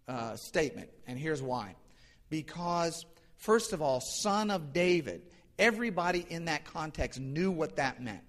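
A male pastor preaches in a loose, storytelling manner and often restarts his phrases. His voice sits a little high for a man. A long reverb hangs in the church sanctuary. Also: fairly bright tone. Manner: conversational, many restarts, storytelling. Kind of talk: sermon.

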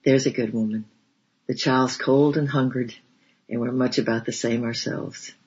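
A man reading aloud, voicing a kindly, steady old grandfather who speaks gently with homely dialect words. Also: mid-range voice, normal speed, breathy edge, lightly acted. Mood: gentle. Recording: dull lo-fi recording.

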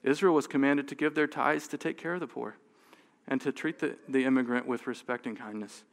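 A man's voice: medium pitch, steady tone, a little fast, creaky. A man preaching a sermon in a conversational way, often restarting words and laughing lightly. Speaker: pastor. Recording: long hall reverb.

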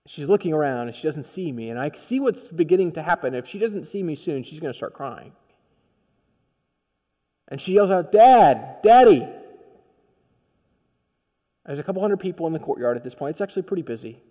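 A male pastor preaching a sermon, telling a story in a personal, conversational way that swings from quiet to emphatic. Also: on the high side, expressive, quick pace, long reverb tail.

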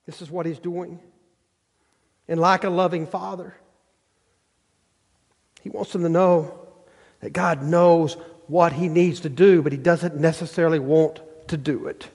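A man's voice: on the high side, a little mellow. A male pastor preaching a sermon, putting rhetorical questions to his congregation. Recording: long hall reverb.

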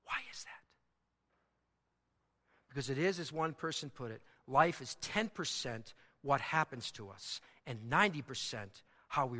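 Man, pastor, dynamic sermon, high voice, very bright and forceful tone. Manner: dynamic preaching, swells loud and high for emphasis. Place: church sanctuary. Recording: long hall reverb.

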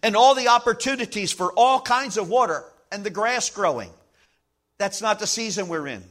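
A man preaching a sermon as pastor, emphatic, slowing down to stress key lines and acting out little everyday scenes. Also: high voice, lively intonation, fairly bright tone.

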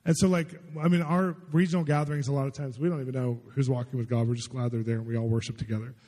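Fast-talking husky man preaching in a hall. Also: mid-range voice, steady tone, dark tone. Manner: conversational, chatty, lots of filler "like". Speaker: pastor. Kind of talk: storytelling sermon. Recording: long reverb in a large hall.

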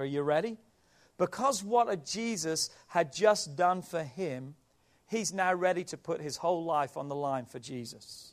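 A man pastor preaching a sermon, asking rhetorical questions and drawing out repeated phrases. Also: sits high.

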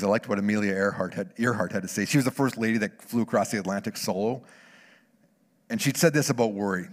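Male pastor preaching in a reverberant hall; swings from near-whispers to loud bursts, with frequent restarts. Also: lowish voice, quick pace. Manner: repeats words and restarts phrases. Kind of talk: sermon.

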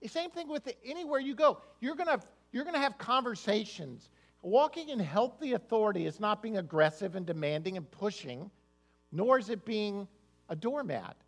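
High-voiced man preaching a sermon. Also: lively intonation, normal speed. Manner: conversational, repeats words when starting sentences. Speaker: pastor.

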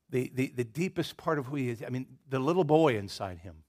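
A man with a Southern American accent preaching a sermon in a conversational way, moving between loud emphatic lines and hushed ones. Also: mid-range voice, expressive, fairly quick, few pauses. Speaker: pastor.

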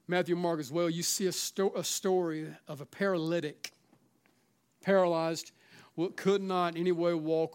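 With a high, clear and resonant voice, a middle-aged pastor with a South Carolina Southern accent preaches. He swings between loud urging and near-whispers, and keeps coming back to the word "listen."

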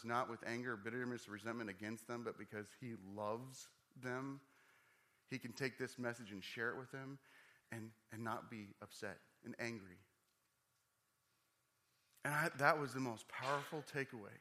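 Bright-voiced male pastor preaching. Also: medium pitch. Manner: animated, swings from quiet to excited; conversational with fillers and asides. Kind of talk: sermon.

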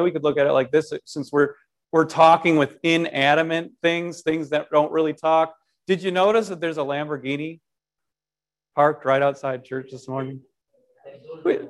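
A pastor preaching a sermon, leaning on key words and speaking playfully and directly to the congregation. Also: male voice, on the high side. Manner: emphatic, lingering on key words.

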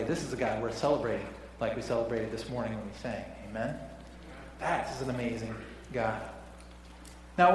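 Pastor preaching in an echoey hall. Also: male voice, mid-range voice, a little hiss or hum. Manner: conversational preaching, dropping to soft emphasis. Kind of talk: sermon. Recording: echoey church hall from far off.

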